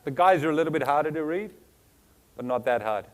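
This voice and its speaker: This motivational speaker, a man with a foreign accent, has a fairly high voice, lively intonation, and a slightly fast delivery. On stage before a live audience, he gives a keynote full of rhetorical questions, strings of words, and playful teasing.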